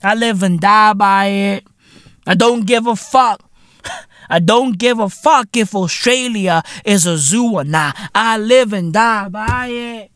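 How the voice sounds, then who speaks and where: A man in his thirties hosting a podcast, ranting in a profane comedic monologue with laughter and loud outbursts. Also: high-pitched, slow pace, clean tone, no echo, studio quality. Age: 30s. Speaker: podcast host.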